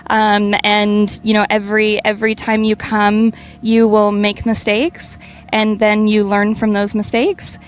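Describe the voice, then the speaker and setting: A woman rally competitor giving measured, practical advice in a casual interview. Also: mid-range voice, completely flat delivery, a little hiss or hum. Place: outdoors at an event finish line.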